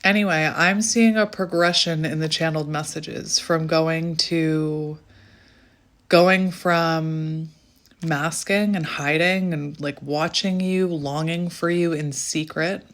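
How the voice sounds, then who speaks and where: Excitable low-voiced woman reading tarot. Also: takes it slowly. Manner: chatty, bursts into excited exclamations and laughter. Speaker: tarot reader.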